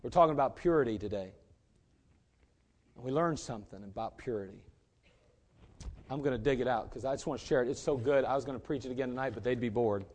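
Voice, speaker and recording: A man preaching a sermon as pastor, emphatic and rising to loud peaks. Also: medium pitch, fast, pauses often.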